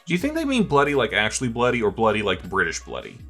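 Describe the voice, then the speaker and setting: A man's voice: lowish voice, wildly swooping pitch, quick pace, a bit bright, soft background music. A man hosting a casual anime podcast, asking his co-hosts questions and joking around. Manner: asks questions and jokes. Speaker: podcast host. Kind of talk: casual chat.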